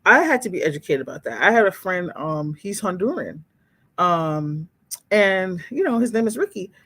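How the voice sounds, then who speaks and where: A woman's voice: fairly low pitch, moderate pace, husky. A woman hosting a livestream in casual chat, speaking candidly and expressively to viewers as she reads their comments. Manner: candid and expressive, exclaims and laughs, talks straight to viewers.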